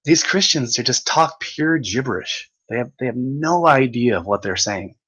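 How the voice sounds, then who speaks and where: Young male streamer, mid-pitched, reads chat aloud and mocks it, swears, laughs a lot. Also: animated, normal speed, fairly bright tone, husky, poor audio. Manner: mocking, exasperated, laughs often, swears. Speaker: livestream host reading chat. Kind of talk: ranting livestream chat.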